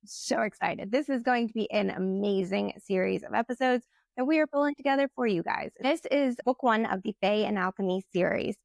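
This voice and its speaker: A woman co-hosting a book podcast, eager and excitable in casual chat. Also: a little high, gravelly, no room sound, studio quality. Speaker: podcast co-host.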